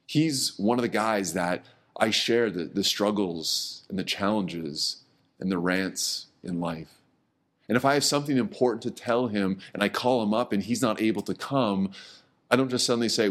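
Speaking at a moderate pace, a middle-aged pastor preaches in a conversational style. He repeats words often and lets his voice fall low and soft whenever he hits an important word.

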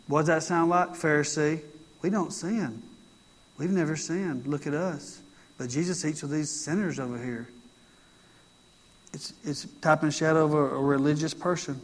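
High-voiced preacher. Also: male voice, moderate pace. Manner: conversational preaching with emphatic repetition. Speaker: pastor. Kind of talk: sermon.

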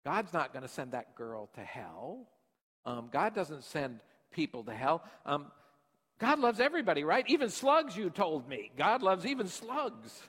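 A man's voice: on the high side, sing-song, measured pace, fairly bright tone, slightly rough, in a large hall, pitched above the performer's own voice, exaggerated voice. A man voicing his young granddaughter, who pleads and asks questions in an earnest way.

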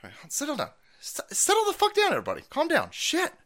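A foul-mouthed male streamer rants in sarcastic commentary over news clips, his pitch swinging widely from low mutters to high mocking peaks. He laughs often between jabs. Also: wildly swooping pitch, quick pace, pushed and bright.

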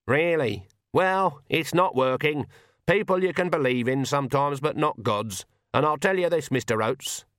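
A man's voice: a little high, normal speed, dry recording, clean studio sound, voice pushed up, natural voice. A man voicing a fierce, blunt old witch. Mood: scornful. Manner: forceful, preaching, sharp rural speech. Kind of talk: audiobook character voice.

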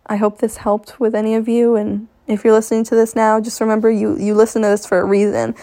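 Woman talking solo on her podcast, kinda high voice, cussing, hyping herself up. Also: little pitch movement, fast, dark tone. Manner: blunt, profane, motivational. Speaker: podcast host. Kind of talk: casual solo podcast monologue. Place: home in Maine.

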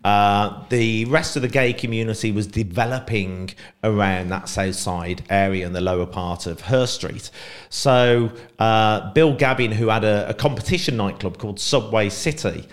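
A man's voice: fairly low pitch, normal speed. A middle-aged man, telling stories as a podcast guest in a chatty, rambling way full of fillers. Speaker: podcast guest, Pride co-founder. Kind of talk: casual storytelling.

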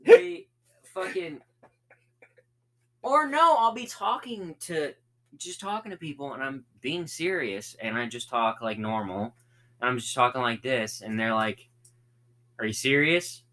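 A man's voice: medium pitch, expressive, unhurried, a bit bright. A young man co-hosting a casual podcast, joking and rambling, often repeating words. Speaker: co-host. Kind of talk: casual chat.

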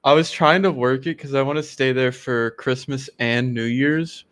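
A man's voice: medium pitch, fairly even intonation, moderate pace, fairly bright tone. A young man co-hosting a podcast, talking about his travel plans in a laid-back way and dodging questions. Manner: laid-back, hedging answers. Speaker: podcast co-host. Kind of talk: casual chat among friends.

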